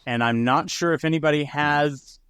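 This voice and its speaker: A man runs a tabletop game in a laid-back, easygoing way, stumbling over his own words and chuckling as he narrates. His voice is smooth and clear. The recording is close and dry. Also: a little high, moderate pace, a bit bright, no room sound. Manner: laid-back, chuckling, with many fillers and restarts. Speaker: game master. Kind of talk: running a tabletop game for a podcast.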